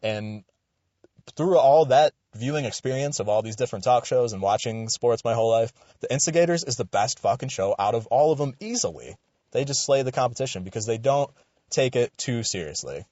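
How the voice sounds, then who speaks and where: A young man from Western New York giving a casual, rambling opinion commentary, swearing freely and getting animated. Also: medium pitch, a little fast, dry recording, highs cut off. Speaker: radio show commentator.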